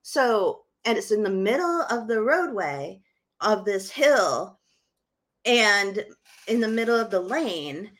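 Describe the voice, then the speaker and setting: A woman's voice: medium pitch, big pitch swings, takes it slowly, fairly bright tone. A middle-aged woman co-hosting a live podcast, telling a story dramatically and animatedly. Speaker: podcast co-host.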